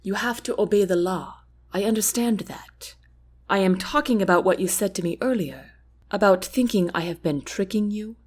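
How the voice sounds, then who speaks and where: A woman voicing a calm, kind young prince in an audiobook, speaking softly and earnestly. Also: medium pitch, moderate pace, natural voice. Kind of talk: audiobook character reading.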